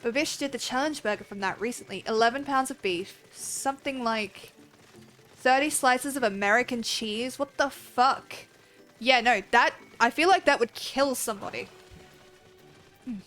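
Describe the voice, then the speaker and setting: A woman's voice: on the high side, moderate pace, a bit bright, soft background music, low-quality recording. Chatty Australian woman streamer, swearing freely. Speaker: game streamer. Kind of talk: casual livestream chat.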